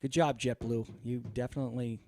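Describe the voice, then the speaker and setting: A man's voice: mid-range voice, fairly even intonation, brisk, dark tone, dry recording, studio quality. A man hosting a podcast, telling a long, exasperated story in a casual, profane way full of fillers. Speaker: podcast host.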